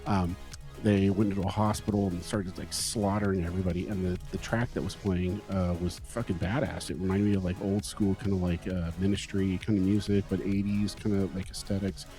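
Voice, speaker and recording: A man from California sits in as a podcast guest and unwinds long, easygoing stories. His voice sits low, and he swears casually and acts out what he once thought. Faint music runs beneath him. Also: level tone, fairly quick, dark tone. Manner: laid-back storyteller, swears freely, acts out his own past thoughts.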